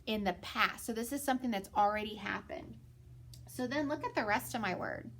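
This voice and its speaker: A woman's voice: a little high, fairly quick, a bit bright, slight background noise. A woman teaching a phonics lesson to children, patient and encouraging, asking questions and answering them herself.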